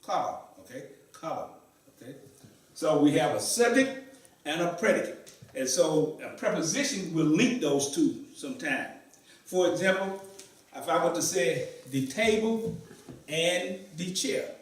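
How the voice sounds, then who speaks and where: Teaching Arabic to a class in a mosque, a man often asks questions and repeats his students' answers. His voice is a little high with lively intonation and a slightly slow pace, heard from far off in an echoey room.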